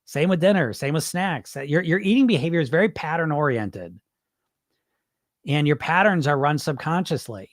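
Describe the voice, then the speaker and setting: A man's voice: on the high side, expressive, normal speed, dry recording, studio quality. A man hosting a weight loss podcast, talking casually and bluntly to his listeners, with the odd swear word and plenty of restarts. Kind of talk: casual live-stream talk.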